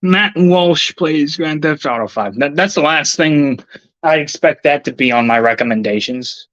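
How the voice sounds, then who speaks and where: A man's voice: on the high side, moderate pace, fairly bright tone, no echo, highs cut off. Grumbling, foul-mouthed male streamer. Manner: profane, irritable, muttering to himself. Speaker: livestreamer. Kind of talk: rambling casual stream talk.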